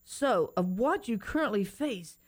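A woman co-hosting a Christian radio show, bubbly and excitable, reading a prophetic word aloud. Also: mid-range voice, a little slow. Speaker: radio co-host. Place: radio studio.

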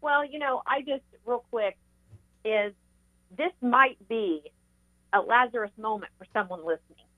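A woman's voice: a little high, measured pace, pauses often, no room sound. A woman on a radio show, earnestly encouraging listeners and sharing her testimony. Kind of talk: heartfelt testimony talk. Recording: tinny phone line.

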